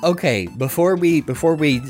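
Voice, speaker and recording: A man's voice: on the high side, normal speed, darkish tone, faint music behind. A man co-hosting a video game podcast, joking around and laughing often as he chats. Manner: joking, laughs often, puts on silly voices. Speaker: podcast co-host. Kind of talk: casual chat.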